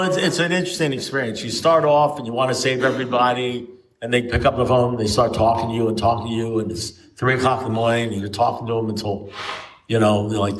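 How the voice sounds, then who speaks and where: A man's voice: mid-range voice, distant mic. A man telling rambling stories with lots of restarts to a recovery group, recorded at a meeting. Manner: rambling anecdotal storytelling with frequent restarts. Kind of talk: storytelling talk to a recovery group. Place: meeting room.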